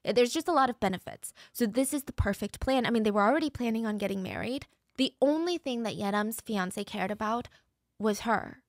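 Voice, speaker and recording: A woman's voice: a little high, a little fast, no echo, studio quality. A woman host narrating a true crime case in a conversational, emotionally invested way.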